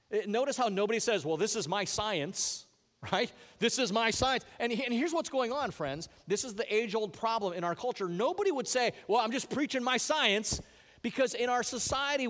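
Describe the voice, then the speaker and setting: A man with a fairly high voice delivers a sermon in a warm, conversational way, leaning hard into key phrases. He talks to the congregation like friends. The sound carries the long reverb of a church sanctuary. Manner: earnest, conversational preaching with rising emphasis. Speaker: pastor.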